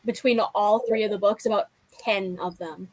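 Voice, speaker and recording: A woman's voice: medium pitch, fairly even intonation, moderate pace, darkish tone, no room sound, poor audio. A young woman hosting a casual book chat, rambling and leaning on lots of fillers. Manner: rambling, heavy use of filler like. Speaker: booktube host.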